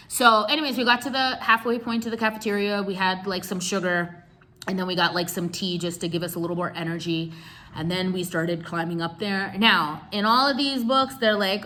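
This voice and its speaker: A young woman telling a travel story in a casual vlog, chatty and animated, full of slang and asides to her viewers. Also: fairly low pitch. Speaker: travel vlogger.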